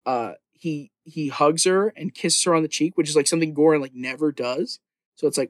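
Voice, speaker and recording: A man with a slightly raised pitch rambles through a TV recap on a podcast, swearing freely and padding his sentences with fillers. The sound is close and dry, with no room around it. He tells it with casual enthusiasm. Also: steady tone, a little fast, darkish tone, no room sound. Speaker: podcast host recapping a TV show.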